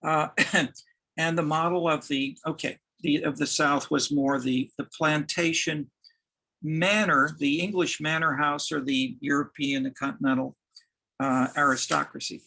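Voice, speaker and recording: A man giving a university lecture, halting, with many restarts and fillers. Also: a little high, steady tone, gravelly, pushed and bright, poor audio.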